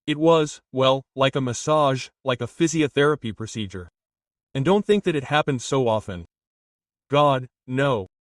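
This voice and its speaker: A man narrating a dramatic first-person life story in an even, steady reading voice. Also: medium pitch, normal speed, dry recording, studio quality, far from the mic.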